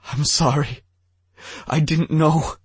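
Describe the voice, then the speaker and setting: A man voicing a frightened human king who pleads through sobs, his voice pitched high and strained. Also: little pitch movement, unhurried, a little mellow, breathy edge, dry recording. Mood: desperate. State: sobbing. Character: desperate weeping human king, fearful father.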